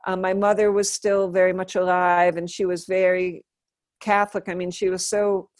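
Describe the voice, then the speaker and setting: A middle-aged woman telling a personal story as an interview guest, animated and acting out the dialogue she quotes. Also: lowish voice, moderate pace, no room sound, studio quality. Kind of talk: casual storytelling in conversation.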